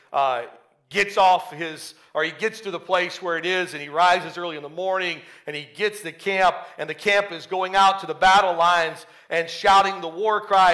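High-voiced, animated man preaching. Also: moderate pace. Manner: animated storytelling, acts out characters. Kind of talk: sermon.

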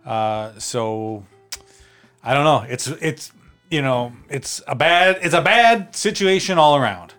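A man's voice: mid-range voice, lively intonation, slow, a bit bright, clear, resonant tone, soft background music. A man co-hosting a casual podcast, chatty, laughing often and using many fillers. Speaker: podcast co-host.

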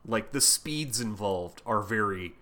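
A man's voice: fairly low pitch, a little slow. A man co-hosting a podcast, retelling a comic story in casual chat, laughing often and swearing freely. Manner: laughing, profane, animated retelling. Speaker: podcast co-host.

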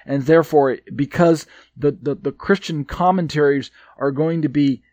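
A man's voice: on the high side, normal speed, a little mellow, no room sound. A man teaching from a Bible commentary he wrote, hesitant, with many fillers and restarts, and leaning hard on his key points. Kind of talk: reading and explaining a commentary.

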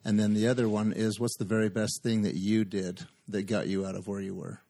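A man hosting an interview, asking his guest careful, searching questions. His voice sits a little low. He speaks calmly. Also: brisk, gravelly.

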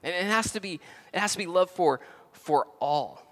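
A man from the American South with a Southern accent, preaching a sermon as pastor, stressing words loudly, dropping to quiet asides, and often restarting phrases. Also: high-pitched, animated, normal speed, big-room sound. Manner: emphatic, swings between loud stresses and quiet asides.

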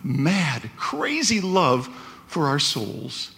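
A man's voice: fairly high pitch, wildly swooping pitch, drawn-out words, vocal fry, a bit bright. A man preaching a conversational sermon, often checking in with "right?". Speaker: pastor.

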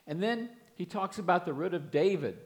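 A man's voice: sits high, expressive, normal speed. A man preaching a sermon, earnestly explaining and reading scripture aloud with emphasis.

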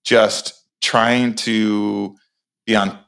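A man in his forties, a podcast guest, telling an animated story with many restarts and acted-out lines. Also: lowish voice, extremely slow, creaky, clean tone. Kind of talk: casual storytelling interview.

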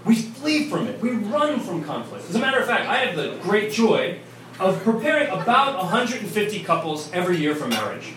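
Chatty priest in an echoey pub. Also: male voice, high voice, very animated, brisk, a bit bright. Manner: chatty, storytelling. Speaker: priest giving a talk. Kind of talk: casual talk to a pub crowd. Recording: echoey pub, distant mic, noise.

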